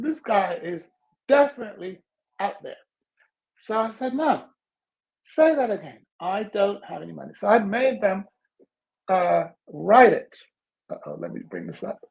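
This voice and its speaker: A man hosting a podcast as a coach, telling stories in conversation and acting out other people's voices with big jumps in pitch. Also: big pitch swings, a little slow, creaky, long pauses, muffled recording. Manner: laughs while telling. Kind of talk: storytelling in conversation.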